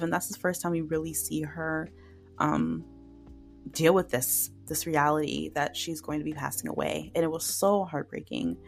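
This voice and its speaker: Chatty woman recapping dramas, gravelly. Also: low voice, fairly even intonation, moderate pace, faint music behind. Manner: chatty, emotional, many fillers and "like". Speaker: podcast host reviewing dramas. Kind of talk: casual solo recap.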